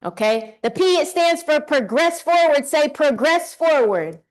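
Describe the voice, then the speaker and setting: Brief: energetic woman keynote speaker, highish voice, unhurried, gets the crowd repeating after her. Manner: energetic, leads audience call-and-response. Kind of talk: motivational keynote speech. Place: conference hall stage.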